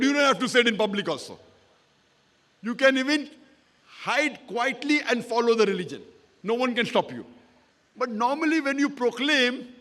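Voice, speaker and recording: With a very high, sharp-toned voice, an Islamic lecturer responds to someone in the audience at a public question-and-answer talk. He speaks emphatically, repeats himself, and often checks understanding by asking "correct?"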